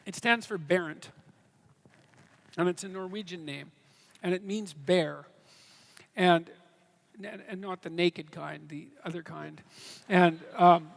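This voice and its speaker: High, gravelly-voiced man on a reverberant stage. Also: a bit bright. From Canada. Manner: halting, restarts phrases, dry humor. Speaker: guest answering audience questions. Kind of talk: live Q&A on stage. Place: stage before an audience. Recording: live hall with long reverb.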